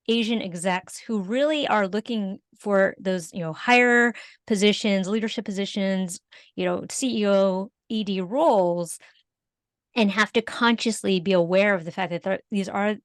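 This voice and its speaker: A woman hosting a podcast interview, talking in a loud, lively way. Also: mid-range voice, no room sound, studio quality. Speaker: podcast host. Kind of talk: casual interview talk.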